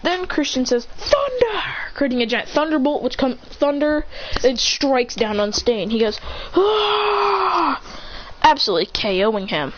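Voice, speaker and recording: A woman's voice: a little high, moderate pace, dull audio, a little hiss or hum. A woman telling a fan-made hero story, rambling and correcting herself as she goes. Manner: rambling, self-correcting, bursts into shouted attack names. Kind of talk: excited fan-fiction retelling.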